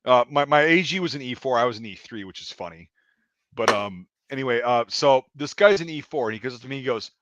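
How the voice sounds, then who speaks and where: A man's voice: mid-range voice, fast, no room sound. Male veteran, casual swearing storyteller, dry slightly muffled recording. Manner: profane, animated anecdote telling. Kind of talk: casual chat. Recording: dry, slightly dull sound.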